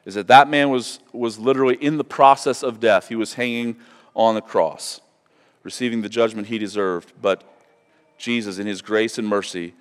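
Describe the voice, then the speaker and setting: A man preaching a sermon as pastor, reading scripture aloud with loud emphatic passion. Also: lowish voice. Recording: long reverb of a large hall.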